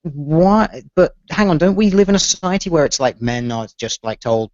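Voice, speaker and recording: A man's voice: fairly high pitch, moderate pace, dry recording, lo-fi sound. A man co-hosting a casual podcast chat, arguing his points with rhetorical questions. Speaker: podcast co-host.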